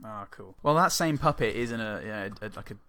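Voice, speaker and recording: A man's voice: fairly low pitch, animated, fast talker, pushed and bright, clean tone. A man co-hosting a casual film-review podcast, retelling scenes in a wry, profane way. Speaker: podcast co-host.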